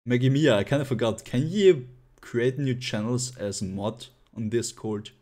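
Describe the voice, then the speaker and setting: A man's voice: medium pitch, measured pace, warm tone. A man streaming live gameplay, playfully chatting with viewers and laughing often.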